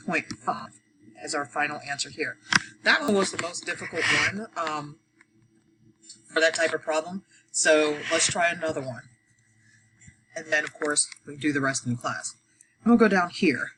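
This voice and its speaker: A woman walks learners through a math problem one step at a time. She counts out loud, pauses often, and talks in an easy, unhurried way. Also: deep voice, a little hiss or hum, low-quality recording. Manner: talks through each step, counts aloud, frequent fillers. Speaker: adult education math teacher.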